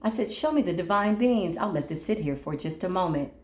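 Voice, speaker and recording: A woman giving a spiritual tarot reading in a vlog, animated and slangy with casual swearing, now and then breaking into sung bits. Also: lowish voice, a little fast, roomy sound. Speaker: tarot reader.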